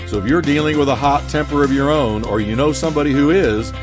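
A man preaching a sermon to a congregation, emphatic and dramatic, slowing down and speeding up for effect. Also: in a large hall, over music. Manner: emphatic preaching with sweeping pitch swings and dramatic slowdowns. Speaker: pastor. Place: church sanctuary.

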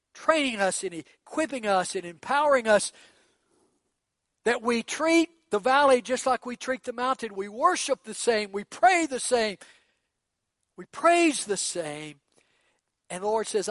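A male pastor preaching a sermon, acting out quoted voices and swinging between hushed, quiet lines and shouted ones. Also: high-pitched, no room sound.

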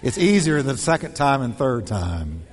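A male pastor delivering a sermon in an animated, punchy style, hammering home short repeated phrases. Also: medium pitch, moderate pace, big-room sound.

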